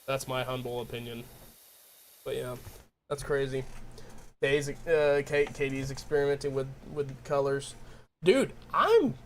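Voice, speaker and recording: A man's voice: mid-range voice, a little slow, pauses often, a little hiss or hum. Giggly tired Southern man streaming. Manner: rambling and giggly, teasing. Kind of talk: casual chat with viewers.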